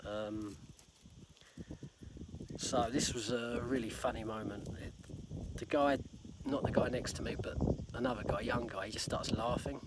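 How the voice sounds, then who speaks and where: Middle-aged man telling a story outdoors, loud noise. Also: mid-range voice, steady tone, a little slow, long pauses. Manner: rambling, laughing, acts out quotes. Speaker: vlogger. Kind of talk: casual storytelling to camera.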